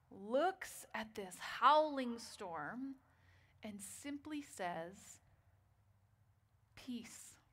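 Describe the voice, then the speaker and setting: Slow, storytelling woman preacher. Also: fairly high pitch. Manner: storytelling, dropping to quiet for drama. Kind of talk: sermon.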